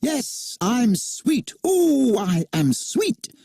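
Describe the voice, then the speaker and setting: A man's voice: very high-pitched, big pitch swings, very slow, creaky, mellow, slightly rough, no room sound, clean studio sound, pitched above the performer's own voice, full character voice. A man voicing a cocky, boastful boy who can fly, in a storybook reading. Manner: boastful, imperious.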